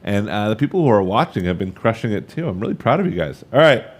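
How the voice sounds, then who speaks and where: A man's voice: lowish voice, sing-song, quick pace, breathy edge. A man in his thirties leading a live cooking demonstration, chatty and upbeat, talking straight to the viewers as he works. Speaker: cooking instructor.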